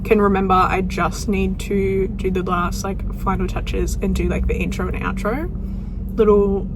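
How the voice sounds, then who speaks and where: A woman's voice: medium pitch, little pitch movement, normal speed. A young woman, a nursing student, chatting candidly to camera from her car, with lots of "like" and "um". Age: young adult. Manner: chatty, candid, filler-heavy. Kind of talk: casual chat to camera. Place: inside a car. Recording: car interior with noise behind. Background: car and road noise.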